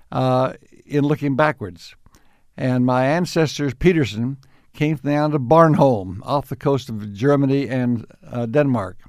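A man's voice: medium pitch, no echo. Older man telling stories, dry sound. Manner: unhurried, warmly anecdotal, with chuckles. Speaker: interviewee. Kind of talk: reflective storytelling.

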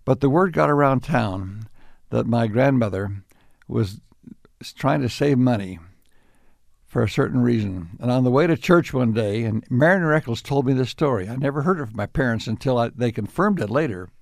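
A man's voice: medium pitch, lively intonation, vocal fry, no room sound. Older man, interviewee, anecdotal, chuckling, mid-range voice, dry close sound. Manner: unhurried, warmly anecdotal, with chuckles. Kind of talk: reflective storytelling.

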